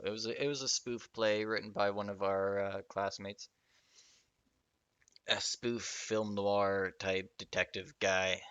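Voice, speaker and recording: A man's voice: fairly low pitch, a bit bright, clean tone, no echo. A young man hosting his own podcast, rambling and self-deprecating, swearing casually as he wanders between thoughts. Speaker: podcast host. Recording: dull lo-fi podcast audio.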